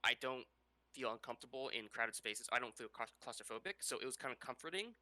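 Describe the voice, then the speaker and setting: A man's voice: medium pitch, expressive, quick pace, pushed and bright, no echo. A man co-hosting a podcast in casual chat, rambling with laughs and restarts. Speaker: podcast co-host.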